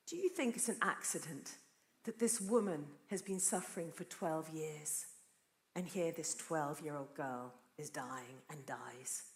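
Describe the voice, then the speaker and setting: Woman preaching in an echoey church. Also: low voice. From Britain. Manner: storytelling, earnest and animated. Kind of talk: sermon. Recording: roomy church echo.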